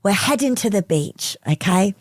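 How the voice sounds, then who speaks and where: A woman hosting a podcast, telling a story in a lively way, laughing and acting out quoted voices. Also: medium pitch, normal speed, dry recording, clean studio sound. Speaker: podcast co-host. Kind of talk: casual storytelling chat.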